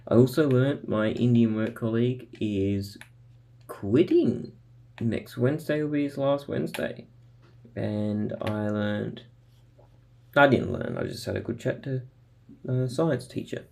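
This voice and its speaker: Gravelly young man rambling. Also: mid-range voice, expressive, a little slow, mellow. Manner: rambling, filler-heavy, chuckling. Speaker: vlogger. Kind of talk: casual daily video diary.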